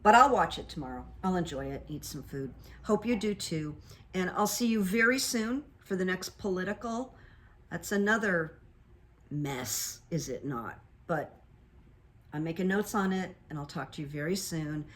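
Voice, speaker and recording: An older woman talks to her viewers in a relaxed, rambling vlog, dropping ums and uhs as she goes. Her voice sits a little low for a woman, and she tells the story in a chatty, unhurried manner. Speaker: vlogger and hypnotherapist. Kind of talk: casual storytelling to camera.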